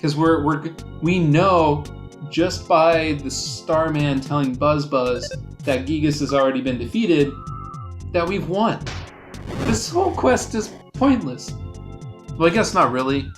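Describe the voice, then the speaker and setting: A man's voice: fairly high pitch, unhurried, music in the background. A young man casually commenting while playing a video game, musing aloud with lots of fillers. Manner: rambling, musing, with fillers and laughs. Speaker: let's play host.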